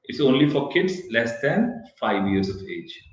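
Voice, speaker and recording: A male pediatrician, explaining vaccines to parents in a halting, explanatory way during an online workshop. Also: medium pitch, sing-song. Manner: explanatory, halting with self-corrections. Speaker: pediatrician answering parents' questions. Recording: echoey, dull lo-fi call audio.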